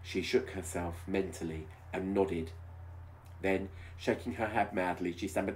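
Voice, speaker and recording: A video host with a low-pitched voice and fairly even intonation reads a romance story a little slowly, hamming up the drama. He interrupts himself with sarcastic, teasing remarks delivered wryly.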